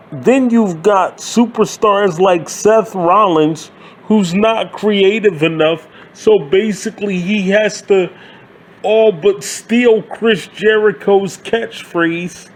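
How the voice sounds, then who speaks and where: High-voiced man ranting, slow and profane. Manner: exasperated, swearing, sarcastic. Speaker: wrestling commentary channel host. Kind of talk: profane wrestling rant.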